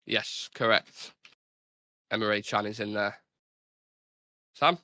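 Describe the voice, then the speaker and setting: Male quiz host, forceful and bright, quick bantering delivery. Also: lowish voice, steady tone, no room sound, studio quality. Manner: quick banter, reads out answers. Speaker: podcast host running a football quiz. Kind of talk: casual chat.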